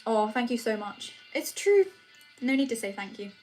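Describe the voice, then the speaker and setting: A woman's voice: on the high side, expressive, moderate pace, darkish tone, faint music behind. A teenage girl from England chatting casually on a livestream as she reads and answers comments, often restarting her sentences. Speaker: livestream host. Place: home room.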